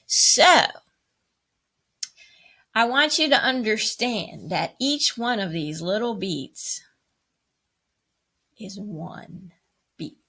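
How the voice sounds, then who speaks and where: A woman's voice: medium pitch, expressive, very slow, long pauses, bright, forceful tone, breathy edge. A woman teaching a music lesson to children, upbeat and encouraging as she counts rhythms aloud.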